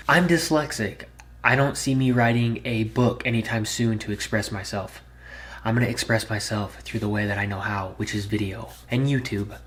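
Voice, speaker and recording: A man telling a personal story in a storytime vlog, earnest and candid, plain spoken and swearing freely. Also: mid-range voice. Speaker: YouTuber.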